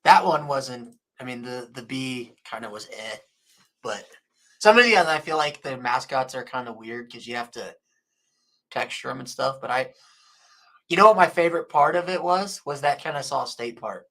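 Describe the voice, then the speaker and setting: A laid-back man hosting a casual sports chat. His voice has a bright, forward edge, and he laughs easily between points. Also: medium pitch, normal speed. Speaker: podcast host.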